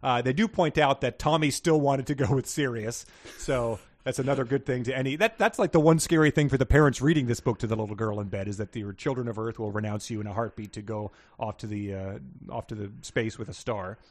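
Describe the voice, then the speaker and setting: A man's voice: mid-range voice, brisk. A man co-hosting a casual book podcast, rambling and restarting as he sums up a book. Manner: rambling, many fillers and restarts. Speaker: podcast co-host.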